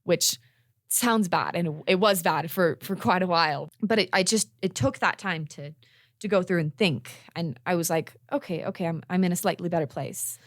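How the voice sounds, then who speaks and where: A young adult woman, a podcast guest telling her own story candidly, earnest and halting, often repeating words as she restarts. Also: on the low side, no echo, studio quality.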